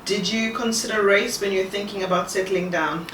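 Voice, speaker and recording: A woman asking questions from off screen in a dry, brisk, teasing way. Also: medium pitch, steady tone, a bit bright, slight background noise. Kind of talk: casual interview. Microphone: off screen, away from the camera mic. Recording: echoey room, distant from mic.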